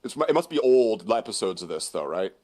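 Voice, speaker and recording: A man's voice: lowish voice, very animated, fairly quick, darkish tone. A man co-hosting a casual chat, rambling and laughing often. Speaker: co-host.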